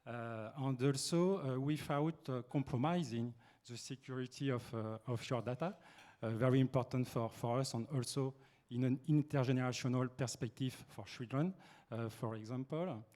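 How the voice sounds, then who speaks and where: A man with a French accent presenting on a business panel, speaking halting English as he searches for words. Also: medium pitch, darkish tone.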